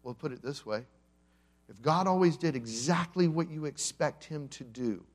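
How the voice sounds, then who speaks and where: A male pastor with a slightly high voice and moderate pace tells a story in a conversational sermon to the congregation. He plays out the characters' words humorously as he goes.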